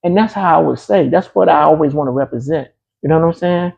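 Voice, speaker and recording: A man's voice: on the high side, fast, creaky, darkish tone, breathy edge, dull audio. A man being interviewed, telling a personal story in a casual, emphatic way, often repeating key phrases. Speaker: interview guest.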